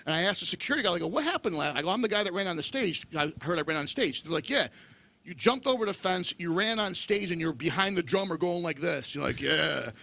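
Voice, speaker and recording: Middle-aged man, high and gravelly, bright tone; lively guest storyteller who acts out the voices. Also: fast. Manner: animated storyteller acting out quoted voices. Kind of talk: casual storytelling chat.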